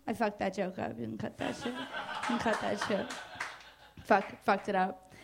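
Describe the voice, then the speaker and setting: A woman's voice: on the high side, a little slow, gravelly, long pauses. A young woman from New Jersey doing a stand-up comedy set on a club stage, casual and crude, with hesitant fillers and self-mocking asides.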